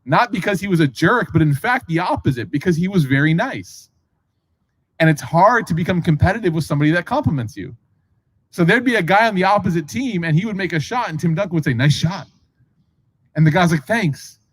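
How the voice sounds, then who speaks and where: The preacher's voice sits high with a breathy edge, and he talks at a quick pace on poor audio. He narrates a religious story like a relaxed lecture, playing each character's voice and turning often to the audience with asides.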